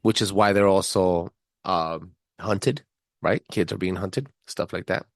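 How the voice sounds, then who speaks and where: A man in his thirties hosting a casual podcast, loud, excitable and swearing freely. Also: low voice, a little slow, no echo, studio quality. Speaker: podcast host.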